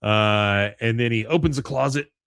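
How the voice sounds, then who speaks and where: A man hosting a podcast, recapping a cartoon episode in a relaxed chat and dipping into quick character voices. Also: medium pitch, creaky, no room sound, studio quality. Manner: retells scenes with quick character voices, chuckling. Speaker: podcast host.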